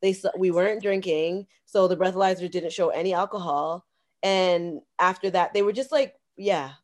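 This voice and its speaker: A woman's voice: fairly low pitch, moderate pace. Canadian woman telling a wild story. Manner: animated, acts out quoted dialogue. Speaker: guest. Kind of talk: casual storytelling.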